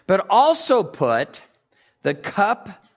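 A man teaching a Bible passage in a relaxed, conversational way, paraphrasing the characters in everyday speech and reading verses aloud. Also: high voice, very slow. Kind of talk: casual sermon retelling scripture.

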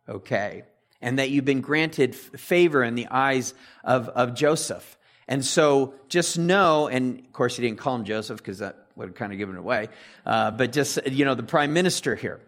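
A man teaching a Bible passage in a relaxed, conversational way, paraphrasing the characters in everyday speech and reading verses aloud. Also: medium pitch, moderate pace. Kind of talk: casual sermon retelling scripture.

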